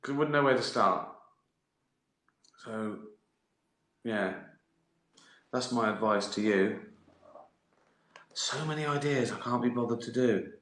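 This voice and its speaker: A man's voice: medium pitch, slow pace, pauses often, fairly bright tone. A man chatting casually to viewers on a livestream, rambling and self-mocking, wandering off on tangents. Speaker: comedian chatting live to viewers. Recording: roomy echoey room.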